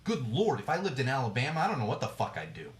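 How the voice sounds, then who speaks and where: A man's voice: medium pitch, wildly swooping pitch, quick pace. Blunt, profane man ranting. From United States. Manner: blunt and profane, many fillers and restarts. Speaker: podcast host. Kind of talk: casual solo rant. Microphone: livestream mic.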